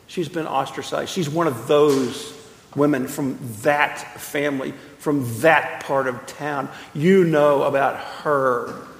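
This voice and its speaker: A pastor in his fifties preaching a sermon, telling stories emphatically with slow, drawn-out pauses. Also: fairly high pitch, fairly even intonation, a little hiss or hum. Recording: echoey church hall.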